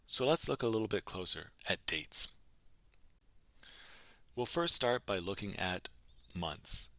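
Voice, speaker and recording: A man teaches a recorded language lesson in a lowish but bright, forward voice, drilling numbers patiently by asking each one and then answering it. He keeps a measured pace with long pauses. The sound is dry and close, with no echo.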